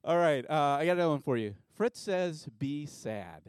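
A man's voice: fairly high pitch, expressive, normal speed, clean tone, dry recording. A man preaching a sermon as pastor in a church, joking around with a game at first and then turning earnest and reflective. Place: church sanctuary.

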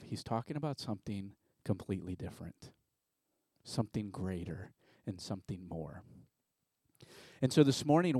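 A man's voice: mid-range voice, no echo, clean studio sound. A man preaching a sermon as pastor in a church, joking around with a game at first and then turning earnest and reflective. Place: church sanctuary.

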